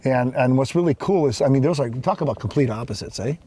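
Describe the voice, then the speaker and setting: Out on a lake, a man hosts a fishing show from a boat, speaking fast in a medium-pitched, warm voice with a little hiss or hum in the audio. He's folksy and enthusiastic, calling viewers "folks" in outdoor banter, and sounds out of breath after lifting fish.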